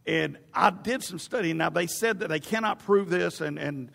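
Animated preacher with a high gravelly voice. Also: male voice, normal speed, in a large hall. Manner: animated, storytelling with stammered restarts. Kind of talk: sermon.

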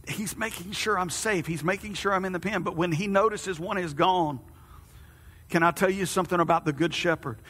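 A pastor gives a folksy, conversational sermon in a high, bright, ringing voice. He speaks to the congregation like friends and asks them questions as he goes. The long reverb of a church hall carries his words.

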